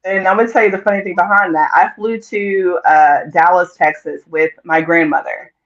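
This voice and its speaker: A woman in her forties from North Carolina, telling a story as a guest in a casual interview, animated and quick to laugh. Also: lowish voice. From North Carolina, USA. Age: 40s. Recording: dull lo-fi audio.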